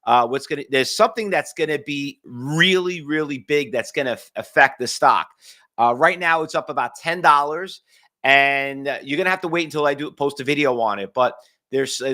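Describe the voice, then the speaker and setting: A man with a New York accent hosting a live day-trading morning stream, chatty and excitable, his voice leaping up when he gets fired up. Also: on the high side. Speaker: day trading show host. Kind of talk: live-streamed market commentary.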